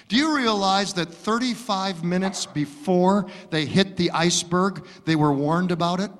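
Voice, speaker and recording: A male pastor preaches an impassioned sermon, acting out stories as he goes. His high-pitched voice has a fairly bright tone, recorded in a church sanctuary with the long reverb of a large hall.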